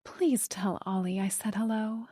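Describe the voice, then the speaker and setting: Woman playing a glamorous divorcee, breezy and gushy, a bit higher than the narration, dry sound. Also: fairly even intonation, unhurried, warm tone, husky, no echo. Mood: effusive. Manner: effusive, breezy.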